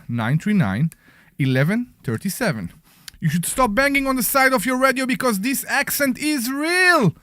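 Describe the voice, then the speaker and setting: Joking Israeli man, lively high voice. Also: no room sound, clean studio sound. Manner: joking, self-mocking. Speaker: radio show host. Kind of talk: casual radio chat. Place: radio studio.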